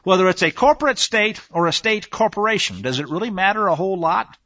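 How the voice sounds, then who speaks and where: A man's voice: sits high, lively intonation, fairly quick, sharp tone, dry recording, muffled recording. A man hosting a talk radio show in a rambling, emphatic monologue, with frequent restarts. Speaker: radio host.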